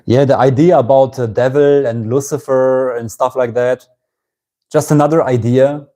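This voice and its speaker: Warm-voiced German-accented spiritual teacher. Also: male voice, mid-range voice, steady tone, normal speed. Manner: reflective, ends phrases with questioning "yeah?". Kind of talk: live-streamed satsang talk.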